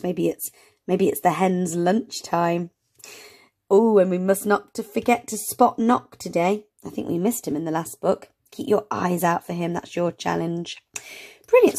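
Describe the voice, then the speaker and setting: A woman reading a phonics picture book aloud to young children, slowly sounding out words letter by letter and cheering them on. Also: fairly low pitch, creaky, a little mellow. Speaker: early reading teacher.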